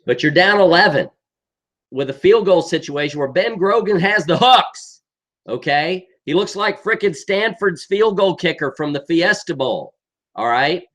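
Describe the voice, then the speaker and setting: A man's voice: high voice, lively intonation, a little slow, fairly bright tone. A middle-aged man giving an exasperated, emphatic football rant, often tagging sentences with "okay?". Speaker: sports commentator.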